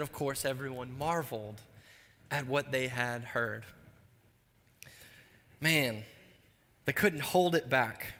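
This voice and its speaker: A male pastor preaching in a church, with a bright, forceful, slightly high voice. He moves between lively storytelling and low, quiet emphasis. The sound carries a long reverb from a large hall. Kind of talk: sermon.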